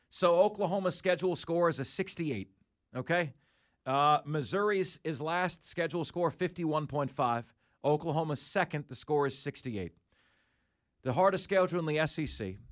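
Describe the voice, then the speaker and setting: Man, sports talk host, high voice, emphatic, mock-incredulous delivery. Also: a bit bright. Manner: emphatic, rattling off schedules with mock disbelief.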